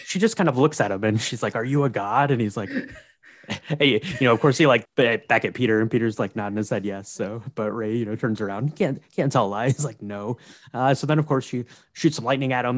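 A man casually recapping a movie on a podcast, relaxed and wry, with fillers. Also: mid-range voice, a little fast, dry recording, clean studio sound.

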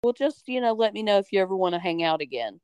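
A young woman hosting a podcast, casually telling a story with animated energy and frequent swearing, acting out the people she quotes. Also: medium pitch, fast talker, clear, resonant tone, no echo. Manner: animated, acts out quoted voices, swears freely. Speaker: podcast host.

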